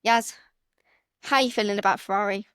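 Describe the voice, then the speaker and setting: A woman co-hosting a motorsport podcast in casual chat, talking fast and acting out her own reactions. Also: medium pitch, steady tone, fairly bright tone, clean tone, no room sound, studio quality. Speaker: podcast co-host.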